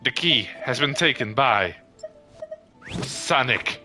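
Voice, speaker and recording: A man streaming a video game live, chatting casually, swearing and reacting loudly. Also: medium pitch, lively intonation, takes it slowly, music in the background. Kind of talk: casual livestream gaming chat.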